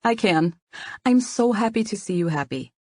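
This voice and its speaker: A woman's voice: medium pitch, lively intonation, normal speed, a little mellow, no room sound, studio quality, pitched above the performer's own voice, close to an everyday voice. A woman voicing a playful, teasing young female friend in an audiobook, with a bubbly delivery. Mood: warm. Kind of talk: audiobook character reading.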